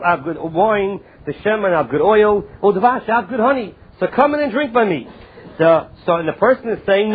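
High-voiced man teaching Talmud, tinny sound. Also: slightly rough. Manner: reads Aramaic text slowly, then explains in English. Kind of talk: Talmud study lecture. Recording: tinny phone-like lo-fi recording.

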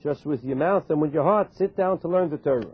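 A man's voice: fairly high pitch, a little fast, slightly rough. A man giving a Torah class, translating verses phrase by phrase, mixing in Hebrew terms and reasoning through questions aloud. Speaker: Torah teacher. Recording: tinny phone-like lo-fi recording.

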